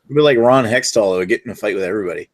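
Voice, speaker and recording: A man's voice: fairly low pitch, rapid-fire. A man co-hosting a podcast, chatting eagerly and asking questions. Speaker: podcast co-host. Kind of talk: casual chat.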